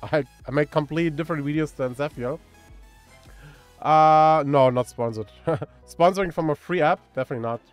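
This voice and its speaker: A man with a German accent giving casual, excitable commentary on a mobile game while reading chat aloud. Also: a little high, brisk, faint music behind. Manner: excitable, cheers at pulls and reads chat aloud.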